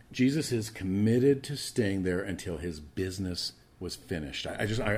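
A man preaching a morning sermon as pastor, swinging from loud emphatic lines to hushed asides and often repeating words as he restarts. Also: low-pitched, slightly rough.

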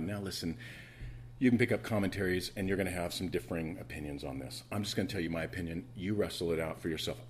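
A middle-aged man with a fairly low voice delivers a sermon from the pulpit, speaking to the congregation as though in conversation. He repeats phrases and pushes up in volume for emphasis. A faint hum runs beneath the recording. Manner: conversational preaching with repetitions and emphatic rises. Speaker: pastor.

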